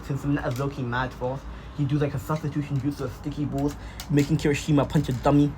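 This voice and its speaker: A man casually improvising a fan-fiction story out loud, rambling with lots of fillers and restarts. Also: mid-range voice, level tone, quick pace, slight background noise, low-quality recording.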